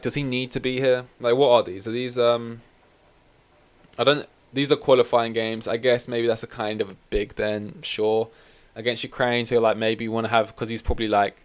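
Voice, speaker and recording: A man's voice: medium pitch, clear, resonant tone. A young man hosting a podcast, rambling through a casual football chat with sweary, wry complaints. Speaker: podcast host.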